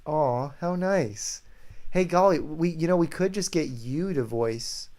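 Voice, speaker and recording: A man's voice: on the high side, lively intonation, a little slow, darkish tone. A man streaming live, chatting casually in a joking, teasing way.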